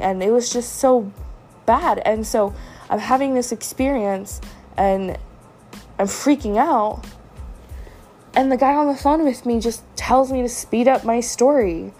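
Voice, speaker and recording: A woman's voice: a little high, dark tone. Woman venting about a bad date. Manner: upset, venting, with frequent fillers. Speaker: podcast host. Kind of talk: personal storytelling monologue.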